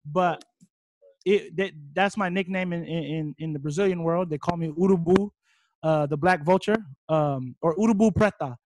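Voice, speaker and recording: In a casual interview, a young Hawaiian man with a high, light voice recounts his fighting story at normal speed. He rambles and gets excitable, at times shouting loudly, and the close, dry recording has no room sound.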